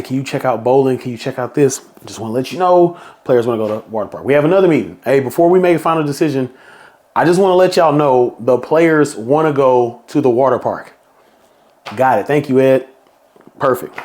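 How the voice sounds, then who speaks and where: A middle-aged man hosts a podcast, telling a story in a casual monologue and acting out quotes with bursts of higher pitch. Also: darkish tone. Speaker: podcast host.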